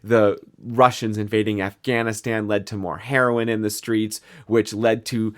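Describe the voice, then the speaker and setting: A man's voice: on the low side, level tone, moderate pace. A man from the American Midwest, co-hosting a podcast and recapping a TV episode in a rambling, chatty way full of fillers and restarts. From Midwestern United States. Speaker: podcast co-host.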